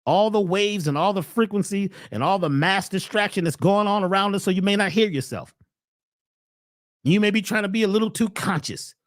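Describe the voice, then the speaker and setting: A man hosting a spiritual health webcast, preaching in a steady run of rhetorical questions. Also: high-pitched, fairly quick, no echo, studio quality. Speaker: natural health webcast host. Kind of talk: spiritual motivational talk.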